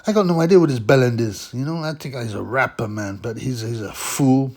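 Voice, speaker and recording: A man's voice: medium pitch, brisk, a little mellow. A man giving rambling, blunt, mocking casual commentary as a boxing vlogger.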